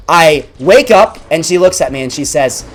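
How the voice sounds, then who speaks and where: A young man hosting a gaming video, telling a school story over gameplay in an animated, exaggerated way. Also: a little high, normal speed, soft background music. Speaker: gaming channel host.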